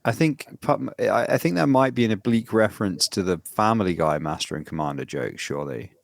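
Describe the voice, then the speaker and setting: A man's voice: lowish voice, lively intonation, brisk, gravelly, no echo, studio quality. A man co-hosting a podcast in casual chat, rambling and swearing freely. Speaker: podcast co-host.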